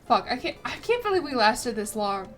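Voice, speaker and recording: Very animated and speaking at normal speed, a woman with a slightly high voice streams a strategy game over soft background music. She reads the game text aloud, stumbles, swears, and chats casually, leaning heavily on "like".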